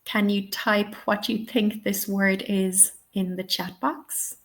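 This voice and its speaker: A woman's voice: medium pitch, little pitch movement, takes it slowly. A woman running a teaching webinar, encouraging and checking in often with "okay?" and "yeah?". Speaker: TEFL trainer.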